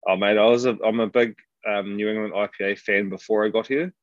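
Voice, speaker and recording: Easygoing New Zealand man, low voice. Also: steady tone, no room sound. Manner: easygoing, says "mate" often, halting fillers. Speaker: guest rugby player. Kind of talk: casual interview chat. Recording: dull, dry lo-fi audio.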